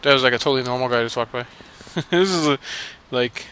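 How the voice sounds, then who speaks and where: A man's voice: medium pitch, a little fast, fairly bright tone, slight background noise. A man giving casual, profane commentary over gameplay, laughing and mocking the characters. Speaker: video game let's-play commentator.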